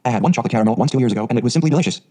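Guy reading as a chatty dreamy orphan girl, fast and mellow, husky edge, storybook. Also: mid-range voice, animated. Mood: despairing. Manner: dreamy, gushing, dramatic phrasing. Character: eager talkative orphan girl of eleven.

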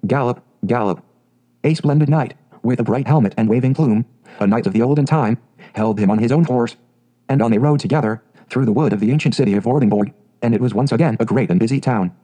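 A man narrating a fairy tale audiobook in a steady, measured way. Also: mid-range voice, low-quality recording.

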